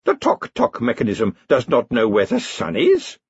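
A man voicing a nervous, eager old male slave inventor with a fussy, excitable manner. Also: medium pitch, moderate pace, vocal fry, breathy edge, no echo, highs cut off, heavily acted. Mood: puzzled.

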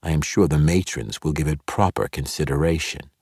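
A man reading an audiobook and voicing a sly, playful male dark elf mercenary leader who talks smoothly and teasingly. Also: extremely low pitch, brisk, dry recording, clean studio sound, full character voice. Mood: persuasive.

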